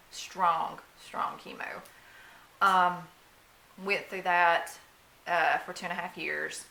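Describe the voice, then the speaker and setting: A woman telling the story of her young son's cancer diagnosis in a personal vlog, halting and emotional, full of fillers and restarts. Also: mid-range voice, pushed and bright, echoey room, rough recording.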